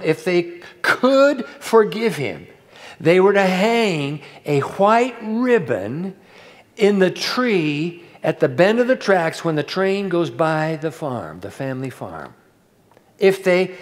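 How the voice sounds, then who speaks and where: A male pastor telling a sermon story to a live audience, dramatic and swinging from hushed to loud, with rhetorical questions. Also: high-pitched, long reverb tail.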